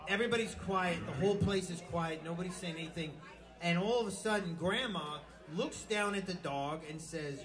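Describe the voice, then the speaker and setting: Crude, rambling jokes come from a male comedian whose voice sits high, delivered at a moderate pace in a loose storytelling manner. The set was captured live in a small club, where music and the audience can be heard.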